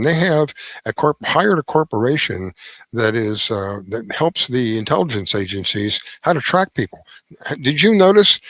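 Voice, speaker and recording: A man's voice: medium pitch, fairly bright tone, no room sound, rough recording. A middle-aged man hosting a radio show, giving a rambling opinion monologue with restarts and heavy emphasis.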